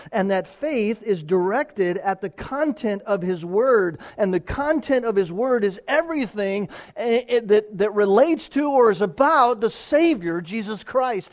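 A pastor with a high-sitting voice preaches a sermon. He swings between loud, emphatic declarations and quiet, quick asides while reading scripture.

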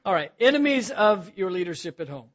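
A man's voice: sits high, sing-song, brisk, fairly bright tone. Self-mocking middle-aged male preacher. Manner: self-deprecating storytelling with frequent laughs. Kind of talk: sermon to a men's gathering. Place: church. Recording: dull lo-fi recording.

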